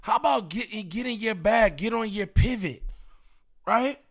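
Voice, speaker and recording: Bright high-pitched man ranting casually. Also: unhurried. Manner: animated, rambling, slangy and repetitive. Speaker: commentary channel host. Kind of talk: casual reaction commentary.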